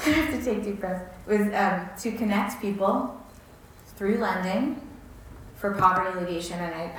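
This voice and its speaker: Woman guest, quick earnest talker, heard from a distance in a very echoey room. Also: fairly low pitch, slight background noise. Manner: fast, earnest, self-correcting explanations. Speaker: guest, co-founder. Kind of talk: conversational interview.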